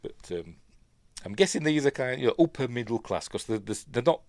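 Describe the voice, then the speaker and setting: A man's voice: medium pitch, big pitch swings, fairly quick, darkish tone, no room sound. A middle-aged man with a Yorkshire accent, chatting casually and rambling through a film commentary at home, often correcting himself. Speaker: film reviewer.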